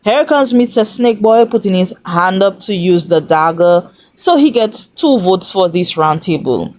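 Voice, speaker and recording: A woman's voice: medium pitch, darkish tone. A woman hosting a reality TV recap, talking to viewers in a sassy, chatty way. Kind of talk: casual recap commentary.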